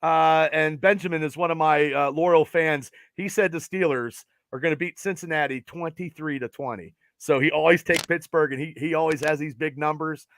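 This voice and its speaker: A man's voice: a little high, fairly even intonation, normal speed, few pauses, a bit bright, no room sound. A man hosting a sports podcast, enthusiastic and talkative. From United States. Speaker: podcast host. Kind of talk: casual sports podcast chat.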